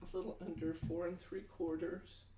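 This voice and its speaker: A man's voice: high voice, little pitch movement, normal speed, mellow. A man hosting a live-stream crafting demonstration, chatting folksily with viewers and talking through each measurement step by step. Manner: chatty, folksy, answers viewer comments aloud. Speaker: craft show host. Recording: echoey room, distant mic, faint noise.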